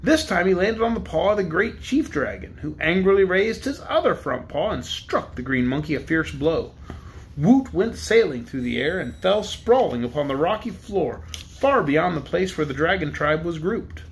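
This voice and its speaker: A man narrating a children's storybook in a steady, measured reading. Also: fairly high pitch. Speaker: audiobook narrator.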